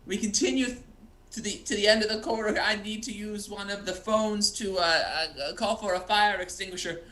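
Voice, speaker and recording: A man's voice: sits high, a little fast, bright, forceful tone. A man in an improv comedy scene playing a flustered, overly polite tour guide who stammers and restarts constantly. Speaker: improv performer.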